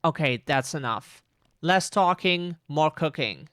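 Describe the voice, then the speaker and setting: A man reading game dialogue aloud as a lazy, dismissive 1960s husband, in a flat tone. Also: a little high, takes it slowly, clean tone, no room sound, studio quality. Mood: bossy.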